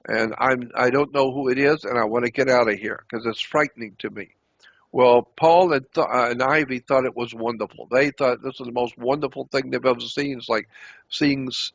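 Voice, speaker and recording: A man host recounting a personal anecdote in a dramatic, repetitive way, halting often as he searches for words. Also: mid-range voice, vocal fry, fairly bright tone, breathy edge. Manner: dramatic, repetitive storytelling with frequent halts. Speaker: channel host. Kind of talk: personal anecdote, told aloud. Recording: dull lo-fi recording.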